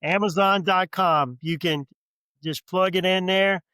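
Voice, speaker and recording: A man's voice: sits high, fairly even intonation, unhurried, bright, forceful tone, clear, resonant tone, no room sound. A middle-aged man with a New Orleans accent, a podcast guest chatting casually and telling stories with easy humor. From New Orleans, Louisiana. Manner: easygoing storyteller, joking. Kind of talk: casual chat.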